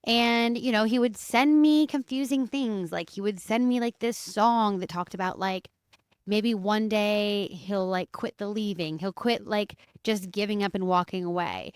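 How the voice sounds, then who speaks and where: Woman podcast host, casual confessional storytelling, candid and animated, smooth clear voice, dry close sound. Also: medium pitch, measured pace, dry recording. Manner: candid, animated, swears freely, acts out quoted dialogue.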